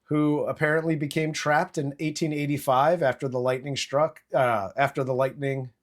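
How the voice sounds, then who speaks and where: A man hosting a movie-review podcast, recapping scenes in a profane, animated casual chat. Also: a little high, normal speed. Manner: profane, animated retelling with acted quotes.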